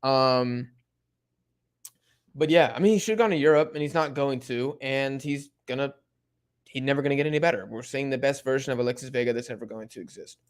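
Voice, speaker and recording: A young man casually chatting through a live football watch-along, reading and answering chat in relaxed slang. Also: mid-range voice, fairly quick. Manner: laid-back slang-heavy chatter, many fillers.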